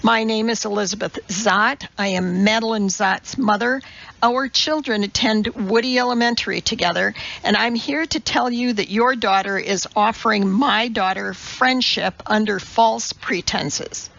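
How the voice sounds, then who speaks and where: A woman voicing a brisk, indignant woman chemist and mother who speaks in a clipped, precise and scolding way, in a storybook reading. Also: medium pitch, creaky, a bit bright, dull audio.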